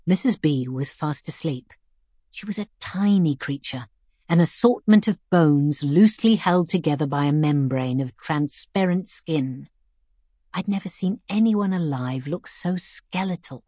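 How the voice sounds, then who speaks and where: A woman narrating a first-person story in a measured, reflective way. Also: sits low, animated, dark tone, dry recording, studio quality.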